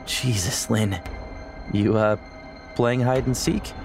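A man's voice: medium pitch, fairly even intonation, slow pace, over music, voice pushed up. A man voicing his nervous friend, an adult man who speaks in shaky, uneasy questions.

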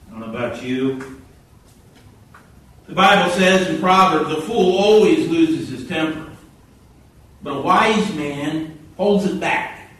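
A man preaching a sermon, telling stories with animated quoted voices, heard from a distance in a church hall. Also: medium pitch, slight background noise. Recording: echoey hall from far off.

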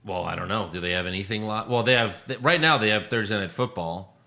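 Low bright-voiced man chatting. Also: fast, gravelly. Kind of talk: casual chat.

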